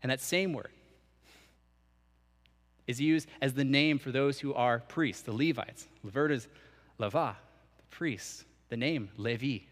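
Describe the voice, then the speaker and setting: A man's voice: mid-range voice, unhurried, pauses often. A young man preaching a sermon as a church minister, mixing scripture with casual, conversational asides. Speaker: canon for student ministry, preacher. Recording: long reverb of a church hall.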